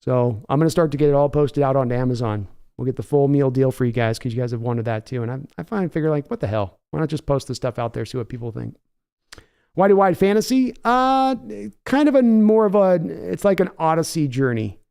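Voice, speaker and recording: A man's voice: mid-range voice, expressive, brisk, a little mellow, clear, resonant tone. A man hosting a casual livestream podcast, chatting and reading viewer comments aloud. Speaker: podcast host.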